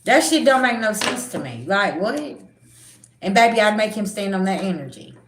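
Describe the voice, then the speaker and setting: A woman's voice: mid-range voice, lively intonation, moderate pace, fairly bright tone, roomy sound, a little hiss or hum. A middle-aged woman, a spiritual reader, talking bluntly and animatedly in a casual livestream chat, swearing freely.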